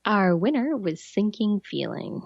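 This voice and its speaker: A woman co-hosting a podcast in casual chat, agreeable and quick to laugh. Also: medium pitch, very animated, creaky, no room sound, highs cut off. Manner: slow, agreeable, laughs easily. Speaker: podcast co-host.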